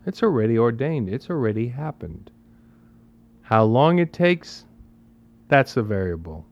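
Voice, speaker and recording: A man of middle pitch gives a spiritual talk in a casual, emphatic manner. He drives his points home with repeated phrases and rhetorical questions. The recording sounds dull and lo-fi. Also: very animated, a little slow. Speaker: spiritual teacher.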